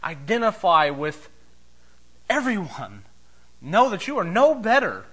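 A man preaching a sermon as pastor, emphatic, swinging between loud declarations and soft, low asides. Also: big pitch swings, unhurried, breathy edge.

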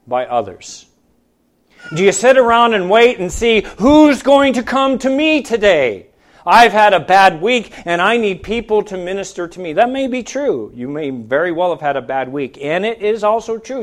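Preaching man, high-pitched and questioning. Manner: rhetorical questions, swings between loud emphasis and soft low asides. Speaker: pastor. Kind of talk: sermon. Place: church.

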